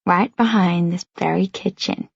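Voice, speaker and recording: A woman's voice: lowish voice, fairly even intonation, a little slow, gravelly, husky, no echo, lo-fi sound, heavily acted. A woman reading a teasing teenage boy. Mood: playful. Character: playful teenage boy, charming, quirky.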